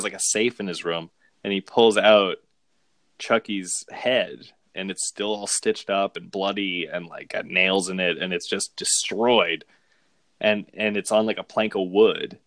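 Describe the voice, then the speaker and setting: Casting: low-voiced man, easygoing co-host, dry close sound. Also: a bit bright, no room sound. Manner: rambling, amused, with frequent restarts and laughs. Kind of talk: casual chat recapping movies.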